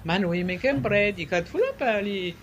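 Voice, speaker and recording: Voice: mid-range voice, lively intonation, moderate pace, fairly bright tone, lo-fi sound, a little hiss or hum. Ni-Vanuatu nurse giving advice. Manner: mixes in French words. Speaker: nurse, health guest. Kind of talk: casual health advice talk.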